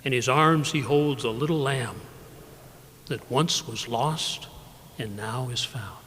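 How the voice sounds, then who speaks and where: An older man giving a live poetry reading of his own work, measured and unhurried, often softening his voice. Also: mid-range voice, a little hiss or hum. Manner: measured, unhurried reading with soft drops in level. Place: library event room, live audience. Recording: reverberant live room recording.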